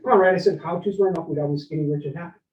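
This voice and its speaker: Energetic man, roomy distant recording. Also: on the high side, very fast. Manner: energetic, storytelling, keeps asking the audience "right?". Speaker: keynote speaker. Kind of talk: live leadership workshop talk. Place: event room with live and online audience. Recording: roomy, distant, dull lo-fi sound.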